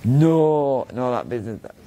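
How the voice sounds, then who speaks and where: A man's voice: medium pitch, big pitch swings, moderate pace, dark tone, slight background noise, low-quality recording. Chatty middle-aged man with a Manchester accent. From Norway. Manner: chatty, rambling, repeats himself, laughs at his own stories. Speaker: guest. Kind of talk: casual interview storytelling.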